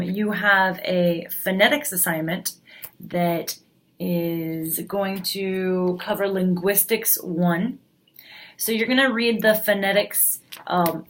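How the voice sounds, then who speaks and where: A woman's voice: mid-range voice, slight background noise. A woman teacher explaining the week's class assignments in a plain, explanatory way with frequent fillers. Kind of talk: recorded class announcement.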